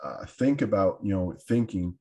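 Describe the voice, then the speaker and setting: A man's voice: low voice, expressive, moderate pace, warm tone. A Canadian man hosting a podcast, chatting casually and hesitantly with lots of fillers and restarts. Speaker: podcast host. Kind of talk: casual conversation.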